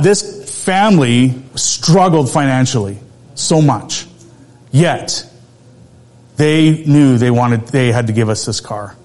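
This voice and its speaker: Middle-aged male preacher, slightly high voice, relaxed storytelling with frequent laughs. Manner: laughs often, conversational. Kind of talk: sermon with personal story.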